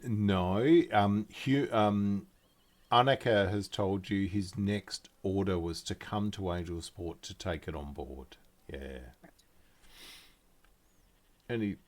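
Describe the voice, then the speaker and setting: A man narrating a tabletop game as game master, describing scenes hesitantly with many fillers. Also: on the low side.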